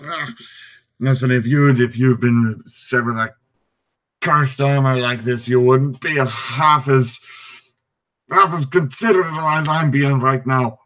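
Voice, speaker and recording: A man's voice: fairly even intonation, takes it slowly, a bit bright. A man voicing a blustering male dwarf cursed to stay in his armor, ranting in a raised voice. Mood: exasperated. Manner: high-pitched blustering rant.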